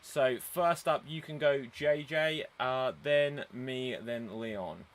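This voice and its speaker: A man hosting a live-streamed improv show over a video call, brisk and chatty, laughing often as he runs the votes. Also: mid-range voice.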